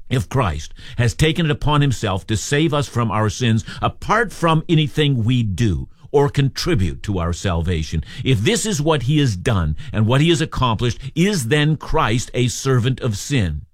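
A man teaching through a Bible passage in a measured, emphatic expository style, as on a radio Bible program. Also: medium pitch, no room sound, studio quality. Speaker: preacher.

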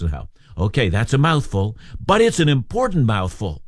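Lively, emphatic male preacher. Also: medium pitch, normal speed, no room sound, clean studio sound. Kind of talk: sermon on a radio Bible program.

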